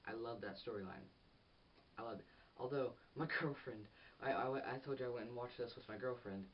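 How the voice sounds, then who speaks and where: A teenage boy giving a rambling, excitable casual film review for his vlog. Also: mid-range voice, fairly quick. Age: teens. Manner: rambling and excitable, with restarts and giggles. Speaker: movie reviewer. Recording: distant, dull lo-fi audio with faint hiss.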